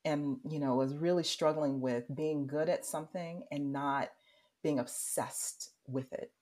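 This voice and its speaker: A woman's voice: low-pitched, measured pace. A woman in her thirties, a podcast guest, telling a story in casual chat and acting out what people said. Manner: animated storyteller who acts out quotes and laughs often.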